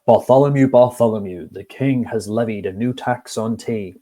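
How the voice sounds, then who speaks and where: Man doing a deep-voiced lecturing pigeon. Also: moderate pace, warm tone, natural voice. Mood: insistent. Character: pompous deep-voiced male pigeon messenger.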